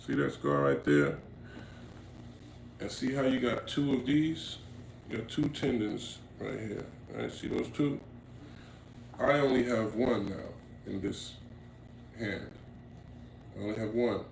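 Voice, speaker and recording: Gravelly-voiced man telling a street story. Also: on the low side. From Inglewood, California. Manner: street slang, acts out quotes, rising to loud emphatic bursts. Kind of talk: animated storytelling to camera. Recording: roomy echo, faint background noise.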